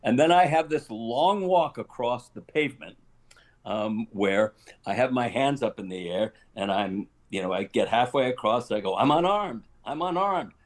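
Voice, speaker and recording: Spinning a lengthy anecdote on an interview show, this older guest actor chuckles frequently and performs the lines he quotes with lively animation. He speaks at a normal speed with a voice on the low side.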